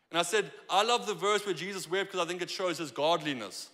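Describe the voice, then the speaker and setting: Bright-voiced male pastor preaching in a reverberant hall. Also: high-pitched, quick pace, few pauses. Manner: conversational, animated preaching with acted-out quotes. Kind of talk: sermon. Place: church sanctuary.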